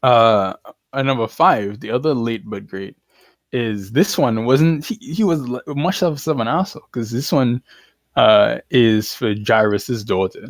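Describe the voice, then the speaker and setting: In a casual podcast chat, a male co-host laughs his way through retelling stories in an irreverent, slangy manner. He speaks at medium pitch and unhurried, and there's no room sound.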